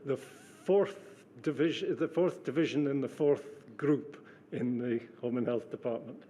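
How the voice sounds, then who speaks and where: An older man giving formal testimony as a witness, precise and measured, pausing with fillers. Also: medium pitch, warm tone. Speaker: witness, former civil servant.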